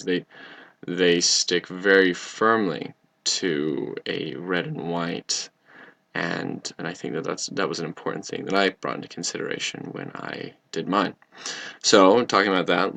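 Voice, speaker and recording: A man's voice: low voice, vocal fry, a bit bright. A young man, a communications student, giving an earnest, explanatory class presentation. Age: young adult.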